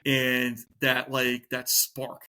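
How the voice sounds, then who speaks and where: A man's voice: mid-range voice, extremely slow. A middle-aged man and police officer telling stories in a casual interview, swearing a lot and acting out what he thought at the time. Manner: profane, animated, acts out his own past thoughts.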